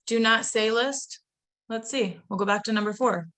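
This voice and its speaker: A woman presenting a live online training webinar with a bright, forceful tone. She talks in a chatty, upbeat way and speaks straight to her viewers. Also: fairly high pitch, moderate pace. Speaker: webinar presenter training real estate agents.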